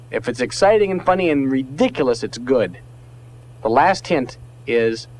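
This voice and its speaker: Man, memory coach, emphatic and repetitive, dramatic pauses, mid pitch, faint tape hum. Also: low-quality recording. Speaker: memory trainer. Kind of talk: guided memory exercise.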